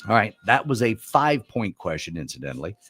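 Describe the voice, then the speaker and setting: A male radio host who quizzes his contestant in a playful, joking way. His pitch swings widely from line to line. Soft music plays underneath. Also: sing-song, a little fast, slightly rough. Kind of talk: radio game show hosting.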